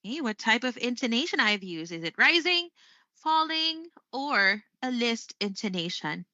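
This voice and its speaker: A woman teaching an English lesson on a live stream. She speaks slowly and expressively, laughing often. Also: fairly high pitch, no room sound. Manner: slow, expressive delivery with frequent laughs. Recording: slightly muffled stream audio.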